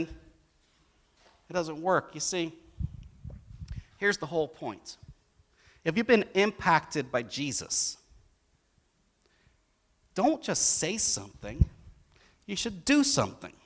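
A middle-aged man preaching a sermon, telling stories and acting out the lines of the people in them with rising emphasis. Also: sits high. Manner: animated storytelling, acts out quotes with rising emphasis. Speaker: pastor.

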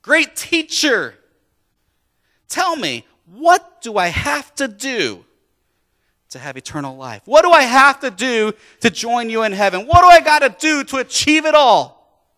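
A man voicing an eager, wealthy young man who pleads in an excited, breathless way. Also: extremely high pitch, unhurried, voice pushed up, heavily acted. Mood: pleading. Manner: excited, breathless, rising pleas.

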